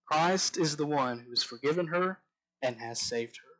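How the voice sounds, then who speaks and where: A man preaching a sermon, reading scripture slowly and dropping to a soft voice on key lines. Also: fairly high pitch, low-quality recording. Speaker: pastor.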